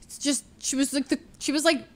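A young adult woman streamer telling stories in casual chat, animated and full of fillers, acting out the voices she quotes. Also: high-pitched, brisk.

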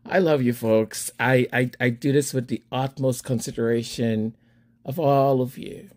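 Speaking a little slowly in a mid-range voice, a man tells a story on his own podcast. The delivery is a casual, animated monologue with plenty of laughter, and he acts out both halves of a dialogue.

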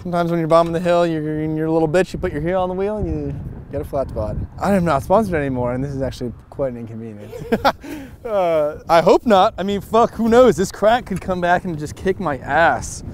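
A man from Chicago with a slightly high voice talks on a lapel mic outdoors. He is excitable and swears freely, breaking into loud bursts and quick laughs. Faint street hiss sits behind him. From Chicago, USA. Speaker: scooter rider interviewed on a filming day. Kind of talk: casual chat while filming.

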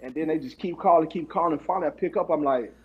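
A man's voice: fairly high pitch, fast talker, muffled recording. Laid-back man telling a story. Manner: laid-back, laughs often, slangy. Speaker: guest, former college football player. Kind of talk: casual storytelling.

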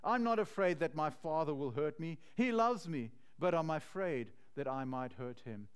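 A man voicing an earnest teenage girl who is gently firm with her friends, inside a sermon story. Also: a little high, lively intonation, normal speed, smooth, lightly acted.

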